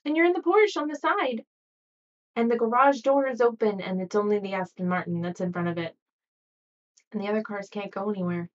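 A woman hosts a motivational podcast in a soft, coaching way and now and then acts out an anxious inner voice. Her voice sits at a middle pitch. It is heard from a little way off the mic, and the recording sounds dull and muffled. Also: fairly quick, recorded from a distance. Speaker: podcast host. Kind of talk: motivational solo podcast talk.

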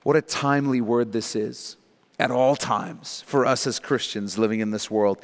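A man's voice: medium pitch, fairly even intonation, normal speed, in a large hall. A man preaching a verse-by-verse sermon, emphatic and dropping in casual asides. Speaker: pastor. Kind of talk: sermon teaching through scripture.

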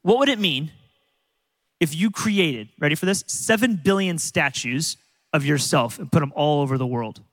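Guy pastor preaching, high sharp voice, lots of restarts, big echoey hall. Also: normal speed. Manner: animated storytelling with frequent restarts. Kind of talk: sermon. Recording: long hall reverb.

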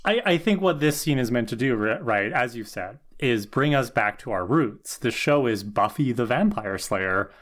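A man's voice: mid-range voice, lively intonation, moderate pace, hardly any pauses, a bit bright. A man co-hosting a podcast, talking through a TV episode thoughtfully, with frequent restarts and "right?" checks. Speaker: podcast co-host. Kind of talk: casual podcast discussion.

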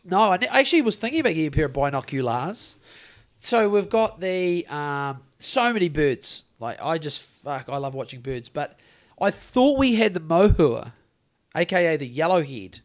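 A man's voice: fairly high pitch, normal speed. A man with a New Zealand accent, co-hosting a podcast and telling rambling, sweary stories in casual chat. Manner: sweary, rambling, animated storytelling. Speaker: podcast co-host.

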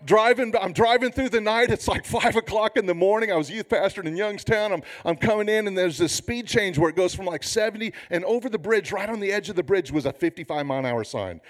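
A man in his fifties, a pastor preaching a sermon with humorous, animated storytelling. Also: high voice, quick pace, few pauses.

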